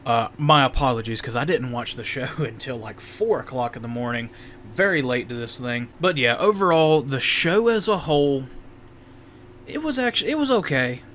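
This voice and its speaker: A man's voice: medium pitch, lively intonation, normal speed, fairly bright tone, a little hiss or hum. A young man casually reviewing a wrestling show in a rambling, candid way, often stopping to correct himself.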